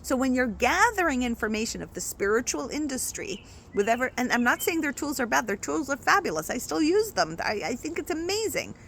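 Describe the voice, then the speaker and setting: A woman spiritual coach talking casually to her viewers in an expressive, chatty way, often checking in with "right?". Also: sits high, brisk, creaky, a little hiss or hum. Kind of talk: casual spiritual talk to camera.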